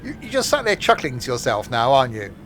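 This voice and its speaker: A man's voice: mid-range voice, fast talker. A man live-streaming a train simulator, joking and laughing as he chats with viewers. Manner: jokey, chatty, laughs often, answers chat. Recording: steady noise under the voice.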